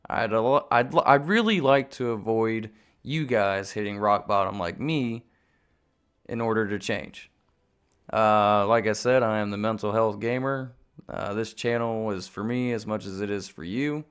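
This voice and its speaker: Male host, smooth resonant lowish voice, candid and earnest, self-deprecating. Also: unhurried, fairly bright tone. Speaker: channel host. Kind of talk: candid confessional talk.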